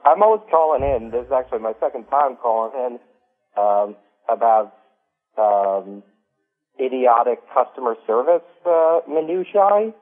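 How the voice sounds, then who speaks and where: A man's voice: medium pitch, animated, a little slow. A man calling in to a radio show, speaking hesitantly and filling his sentences with ums and uhs. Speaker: caller. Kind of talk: casual call-in chat. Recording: tinny phone line with faint music.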